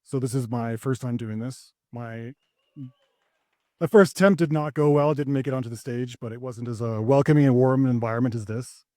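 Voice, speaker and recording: A young man doing a stand-up set, rambling and hesitant with many restarts, landing deadpan punchlines. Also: mid-range voice, moderate pace, no room sound, clean studio sound. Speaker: stand-up comedian.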